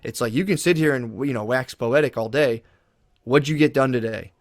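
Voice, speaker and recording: A man's voice: medium pitch, normal speed, no room sound, studio quality. A man talking as a podcast guest, blunt and emphatic, swearing freely as he gives a pep talk. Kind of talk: casual chat.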